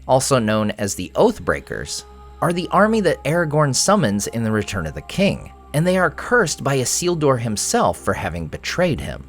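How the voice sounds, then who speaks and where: A man hosting a show breaking down a TV episode, with wry joking asides. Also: mid-range voice. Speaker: host.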